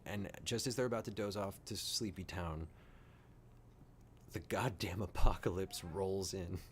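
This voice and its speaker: A man giving rambling, excitable live reaction commentary, swearing and laughing often. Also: low-pitched, moderate pace, a little hiss or hum. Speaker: reaction streamer.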